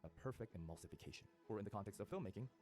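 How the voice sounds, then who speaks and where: A man delivering scripted video-essay narration at a rapid clip, with a lowish voice that rises and falls expressively. His phrasing is polished and wordy. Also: lively intonation, a little mellow, soft background music.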